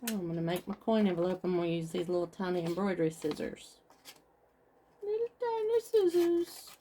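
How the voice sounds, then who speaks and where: A woman's voice: fairly low pitch, fairly even intonation, very fast, mellow, a little hiss or hum. A woman craft vlogger chatting casually with viewers as she talks through each step of her project. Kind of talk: casual craft tutorial chat.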